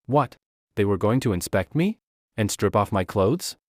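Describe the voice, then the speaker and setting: A man's voice: on the low side, expressive, normal speed, no echo, clean studio sound. A man voicing a frightened young woman held captive, speaking in trembling, sobbing pleas.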